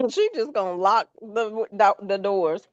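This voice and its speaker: A woman's voice: mid-range voice, lively intonation, normal speed, no echo, highs cut off. A woman co-hosting a reaction video, chatting casually and asking a lot of questions.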